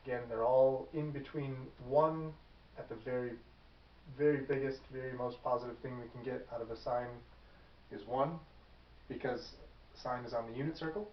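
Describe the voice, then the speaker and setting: A man's voice: medium pitch, moderate pace, a little hiss or hum. Casual man lecturing in an echoey classroom. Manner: casual, thinking aloud, self-correcting. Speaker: math teacher. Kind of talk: whiteboard lecture. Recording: echoey classroom, far from the mic, dull.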